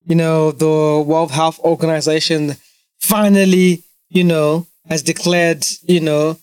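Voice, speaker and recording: A man's voice: on the high side, level tone, slow pace, darkish tone, smooth, no echo. A young man talking casually to his viewers, blunt and profane, ranting with many restarts. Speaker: vlogger. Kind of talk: casual monologue to camera.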